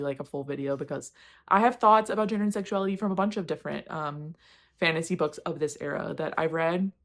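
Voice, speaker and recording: A woman talks through the books she read this month in a loose, off-the-cuff style. Her voice sits a little on the low side, and she wanders between thoughts. She laughs at her own mistakes and swears offhandedly. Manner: candid, rambling, self-deprecating, swears casually. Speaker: book reviewer. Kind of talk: casual book wrap-up chat.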